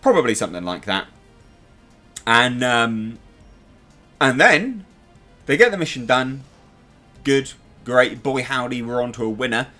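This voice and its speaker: A man's voice: mid-range voice, animated, a little slow, long pauses, bright, forceful tone, faint music behind. An English man hosting a TV review channel, talking casually and animatedly, swearing now and then and making sound effects. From England.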